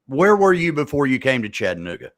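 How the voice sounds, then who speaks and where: A man's voice: medium pitch, big pitch swings, fast talker, no room sound. A middle-aged man hosting an interview in a folksy, chatty way. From American South. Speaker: radio show host. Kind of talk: casual interview.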